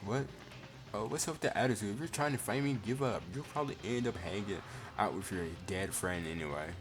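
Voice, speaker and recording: A man's voice: fairly low pitch, brisk, over music, lightly acted. A man reading a cruel, gleeful bear mascot from a fan game aloud in a taunting, sing-song voice.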